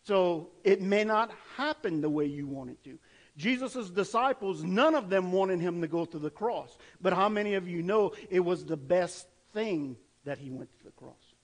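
A man's voice: high voice, lively intonation, normal speed, low-quality recording. A man preaching a sermon in an earnest, conversational way, asking rhetorical questions of his listeners. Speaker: pastor.

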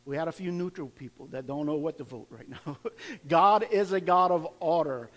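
A pastor with a high voice preaches to his congregation. His talk is loose and conversational, full of questions thrown to the room and words said twice as he builds up a point. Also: normal speed. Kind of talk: sermon.

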